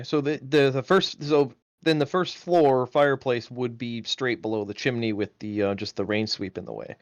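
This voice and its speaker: A man's voice: mid-range voice, no echo, lo-fi sound. A man playing a tabletop game on a live stream, thinking aloud with many questions and ums. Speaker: player.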